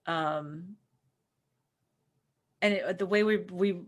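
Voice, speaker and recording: A middle-aged woman in casual spiritual conversation, telling personal stories with lively acted-out quotes and frequent laughs. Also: on the low side, extremely slow. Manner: animated storyteller who acts out quotes and laughs. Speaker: co-host.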